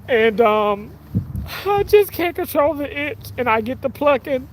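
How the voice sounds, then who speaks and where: A man's voice: extremely high pitch, sing-song, a little slow, a little hiss or hum. A man hosting a casual livestream. He reads viewer comments in a crude, giggly, playful way. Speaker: livestream host.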